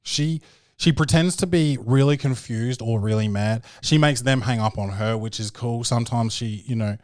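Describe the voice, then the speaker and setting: A young man hosting a podcast, telling stories in a profane, slangy, animated way. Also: medium pitch, normal speed, no room sound, studio quality. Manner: swearing, slangy, animated storytelling. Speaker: podcast host. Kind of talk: casual profane monologue.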